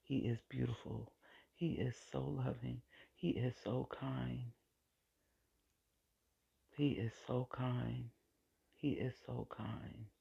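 A woman's voice: a bass voice, fairly even intonation, takes it slowly, creaky, pauses often, mellow, breathy edge, dull audio. A woman sharing a personal faith testimony in a vlog. She repeats phrases for emphasis and sometimes drifts into a whisper. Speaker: vlogger sharing her faith.

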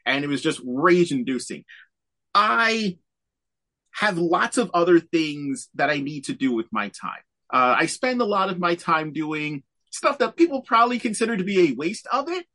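Animated man on a video call. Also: fairly high pitch, normal speed. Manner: animated, laughs often. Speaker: podcast co-host. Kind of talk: casual chat.

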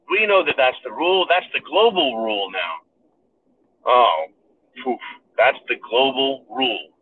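A man's voice: fairly high pitch, a little hiss or hum. A man hosting a show, delivering a sarcastic, ranting political monologue and calling his listeners "folks". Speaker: podcast host. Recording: tinny phone-like sound.

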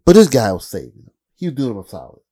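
A man telling rambling, profane stories in a casual comedic monologue, his voice jumping up high when he gets worked up. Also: big pitch swings, quick pace, dark tone.

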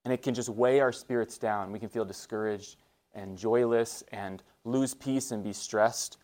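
A man's voice: fairly low pitch, fairly even intonation, measured pace, a little mellow. A man in his thirties giving an earnest, conversational faith talk to students, with frequent fillers and restarts. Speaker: guest speaker at a school.

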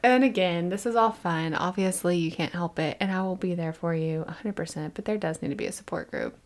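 A woman with a fairly low voice co-hosts a podcast, talking fairly quickly in casual chat. She tells stories animatedly and laughs often.

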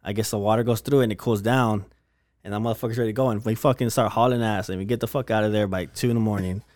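A man's voice: lowish voice, fast talker, dry recording. A young man telling a wild story in casual podcast chat, swearing constantly and acting out what people said. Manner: animated storyteller, heavy swearing, slangy.

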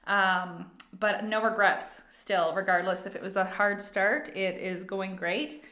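A woman co-hosting a casual podcast, a small business owner who explains things in an easygoing, measured way. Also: mid-range voice, pushed and bright. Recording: echoey room.

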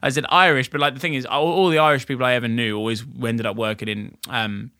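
A man's voice: mid-range voice, steady tone, fast, pushed and bright, clear, resonant tone, dry recording, studio quality. A young man co-hosting a podcast in casual chat, swearing and teasing with a laugh. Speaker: podcast co-host.

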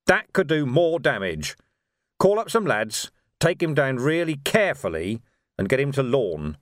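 A man's voice: medium pitch, sing-song, a little slow, dry recording, studio quality. A man voicing a tough middle-aged watch commander barking orders in battle.

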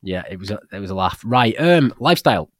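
A British man talking fast and chatty on a podcast, his voice sitting on the low side. He rambles through stories, stumbles over restarts and acts out the people in them. The sound is dry and close to the mic. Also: no room sound. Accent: British English. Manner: rambling storyteller, many restarts and animated quoted dialogue. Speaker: podcast co-host. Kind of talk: casual chat about a book.

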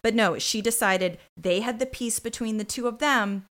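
A woman's voice: fairly high pitch, normal speed, a bit bright. A woman co-hosting a podcast, giving indignant, opinionated commentary on a TV episode in casual chat. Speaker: podcast co-host.

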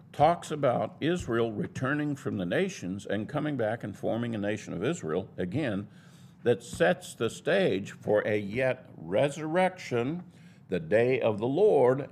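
A male Bible teacher giving a sermon-style lesson, pressing each point with emphasis. His mid-pitched voice has a gravelly edge and swings widely up and down as he argues. A faint hiss sits under the recording. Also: darkish tone. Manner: emphatic, argumentative.

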